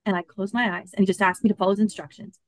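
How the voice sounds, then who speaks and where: Woman, 50s, interview guest; animated storyteller who performs the quotes, medium pitch, dry close mic. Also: rapid-fire, no room sound. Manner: animated, acts out quoted dialogue. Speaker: podcast guest.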